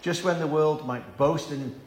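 A man preaches an evening Bible-study sermon, earnest and prone to repeating words when stressing a point. His voice is a little high and measured in pace, with a roomy sound and slight background noise.

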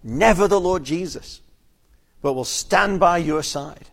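Guy preaching a sermon, voice a bit on the high side, earnest, stretches out the big words. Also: gravelly. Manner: earnest, emphatic, with slow drawn-out stresses and repeated words. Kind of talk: expository sermon.

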